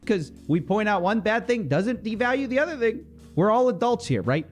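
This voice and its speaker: A man's voice: high-pitched, sing-song, moderate pace, faint music behind. A man presenting an online commentary video in a dry, mocking tone with ironic asides. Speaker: YouTube commentator.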